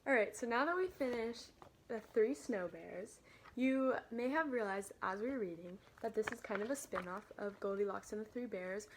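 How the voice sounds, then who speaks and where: A woman reading a picture book aloud in a gentle, steady way, then talking about the story. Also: medium pitch, normal speed, a little hiss or hum. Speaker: storybook reader.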